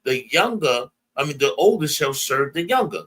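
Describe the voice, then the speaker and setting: A man's voice: on the high side, sing-song, moderate pace, fairly bright tone, slightly rough. A man with an American accent teaching a bible class, emphatic, prompting a reader and retelling verses in everyday slang. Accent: American English. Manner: emphatic, call-and-response, paraphrases verses in slang.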